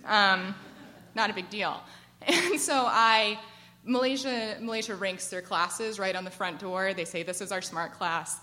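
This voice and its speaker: An American woman in her twenties telling a personal story to a live audience, chatty and animated, with lots of "like" fillers. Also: medium pitch, a little slow. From United States. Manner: chatty and animated, frequent "like" fillers, laughs as she tells it. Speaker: storyteller at a work event.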